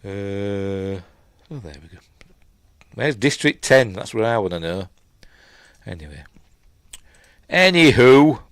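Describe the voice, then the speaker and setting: A man's voice: fairly low pitch, lively intonation, slow pace, pauses often, clean tone, dry recording, clean studio sound. A middle-aged man with a Yorkshire accent, casually recapping and reviewing a film in a rambling, chatty way full of fillers and asides.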